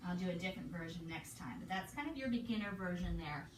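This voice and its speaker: A woman leading a yoga class, calmly counting breaths and cueing each pose. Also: lowish voice, fast talker, distant mic, slight background noise. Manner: calm, counts breaths and cues poses. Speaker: yoga instructor. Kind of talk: guided yoga class instruction. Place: hotel room. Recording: echoey room, voice from afar, music behind.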